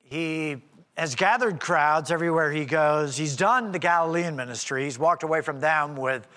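A man's voice: fairly high pitch, normal speed, pushed and bright. A man preaching an expository sermon in a church sanctuary, explaining in a conversational way with rhetorical asides. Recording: long hall reverb.

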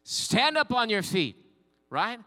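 A man preaching a sermon from the pulpit, his voice pitched high and bright. He rises to fervent calls and call-and-response with the congregation. A long reverb hangs on every line. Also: big pitch swings, takes it slowly. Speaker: pastor.

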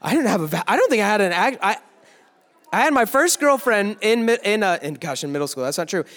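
A man's voice: high voice, animated, a bit bright. Playful young man preaching in an echoey hall. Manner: playful, teasing, quick asides to the crowd. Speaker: youth pastor. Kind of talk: joking youth sermon. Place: large worship hall with a live audience.

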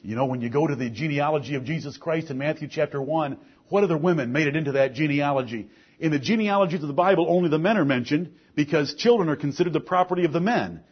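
Here the preacher moves quickly, with a breathy edge, still firing rhetorical questions and alternating quiet, low passages with loud, raised ones. The sound is lo-fi.

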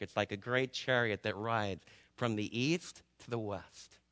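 Male pastor from New Jersey, chatty sermon delivery, bright voice, echoing hall. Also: mid-range voice. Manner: conversational preaching with asides and rhetorical questions. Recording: long hall reverb.

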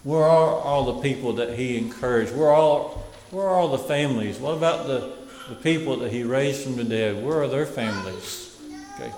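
A man preaching a sermon who repeats key phrases and lets them fall to a hush. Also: medium pitch, normal speed, echoey room, in a large hall, a little hiss or hum, rough recording.

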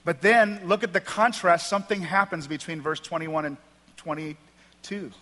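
A man's voice: on the high side, fairly even intonation, normal speed, sharp tone. A man pastor preaching a sermon in a church, reading scripture with emphatic delivery and wry asides. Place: church sanctuary. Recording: long hall reverb.

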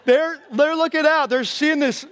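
A pastor with a fairly high voice delivers a sermon, telling the story with animated energy and frequent laughter. His voice carries a long reverb, as if it is filling a large hall. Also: unhurried.

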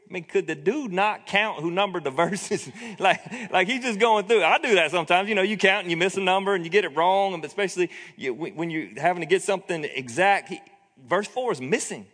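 A man's voice: sits high, expressive, brisk, a bit bright. A man preaching a sermon in a conversational, joking storytelling manner. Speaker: pastor. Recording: long hall reverb.

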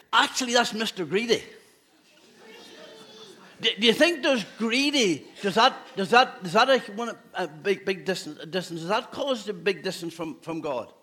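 A man's voice: high-pitched, sharp tone, breathy edge. A man, a pastor giving a playful children's talk in a church service, asking the children questions. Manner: playful, asks children questions, laughs often.

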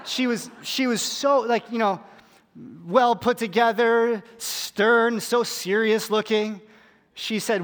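A pastor preaching in a relaxed, storytelling way, poking fun at himself as he goes. His voice is high for a man. The sound trails off into the long reverb of a big hall. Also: slow pace. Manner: conversational, self-deprecating humor. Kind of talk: sermon storytelling.

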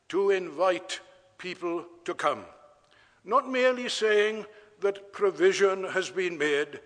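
A man preaching a sermon in a measured, deliberate way, repeating key words for emphasis. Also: high-pitched, fairly bright tone, in a large hall.

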